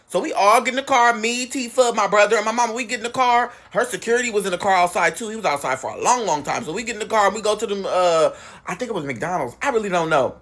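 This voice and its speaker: A man telling a family story in a casual storytime chat, acting out what relatives said with big jumps in pitch. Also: expressive, fast talker, fairly bright tone. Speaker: guest storyteller.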